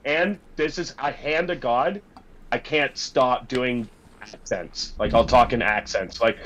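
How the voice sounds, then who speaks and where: A man's voice: mid-range voice, slow pace, a bit bright, highs cut off, a little hiss or hum. Man, from Canada, casual profane rambling, video call audio. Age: adult with a young daughter. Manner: swearing, rambling with restarts. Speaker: podcast guest. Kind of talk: casual chat.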